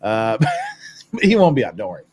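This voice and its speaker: A man's voice: fairly low pitch, huge pitch swings, normal speed, darkish tone, breathy edge. A man hosting a podcast, casually reading and reacting to viewer comments in a rambling, blunt way, with frequent swearing and laughter. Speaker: podcast host.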